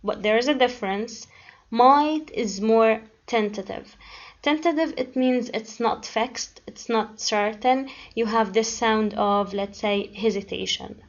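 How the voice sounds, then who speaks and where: A woman's voice: on the high side, a little slow. A woman teaching an English grammar lesson, patient and hesitant, with frequent ums and uhs as she explains. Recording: dull lo-fi recording.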